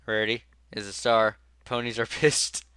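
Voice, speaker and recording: A man's voice: lowish voice, little pitch movement, normal speed, pushed and bright, smooth. A young man hosting a casual comedy podcast, sarcastic and joking as he reads through a list. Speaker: podcast host.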